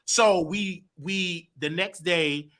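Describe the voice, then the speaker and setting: This is a man, speaking as a guest and recounting a personal story. His voice sits high and has a sharp, bright edge. He narrates with lively energy and often slips into loud impressions of the people in his story. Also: slow pace. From Chicago. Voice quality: expressive, swings into loud quoted voices.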